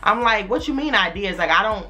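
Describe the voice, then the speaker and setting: Young woman YouTuber, casual and slangy storyteller, bright edge to her voice, light music bed. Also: brisk. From Chicago area, USA. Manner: animated, quoting others in a lowered voice, slangy.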